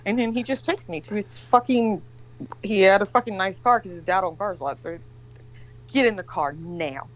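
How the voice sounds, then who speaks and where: A woman in her forties tells a long story in an animated, rambling way, with plenty of swearing and voices for the people in it. She sits on a video call. The audio is a little dull and lo-fi. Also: mid-range voice, a little fast. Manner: rambling, profane, animated storytelling with acted-out quotes. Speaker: livestream guest. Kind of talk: casual storytelling chat.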